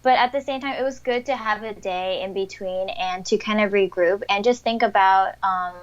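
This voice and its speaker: A woman's voice: medium pitch, normal speed, dull audio. A young woman answering interview questions in a chatty, upbeat way, with fillers and light laughter. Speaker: interviewed athlete.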